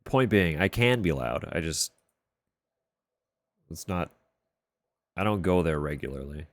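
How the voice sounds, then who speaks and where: A man chats on his live stream from a room at home, keeping his very deep voice level and quiet. He talks slowly and loosely and swears in passing. The sound is dry and close, with no room echo. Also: expressive. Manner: keeps voice level and low, swears casually. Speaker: livestreamer. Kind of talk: casual chat on a live stream. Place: room at home sharing a wall with a neighbor's bedroom.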